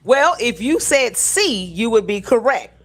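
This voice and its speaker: A woman co-hosting a community show, reading trivia questions slowly and deliberately and laughing often. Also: a little high, big pitch swings, a little hiss or hum. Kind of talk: casual radio-style chat, game quiz.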